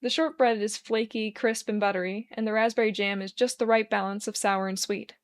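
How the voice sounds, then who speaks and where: A woman narrating a fan story aloud in a steady, even way, with a voice of middling pitch. Her pacing is plain and unhurried as she walks through the scenes. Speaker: fan fiction reader.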